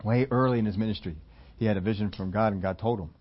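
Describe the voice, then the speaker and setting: A man preaching a sermon in a conversational storytelling way, laughing between points and rising into loud emphatic quotes. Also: on the low side, fast talker, muffled recording. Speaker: pastor.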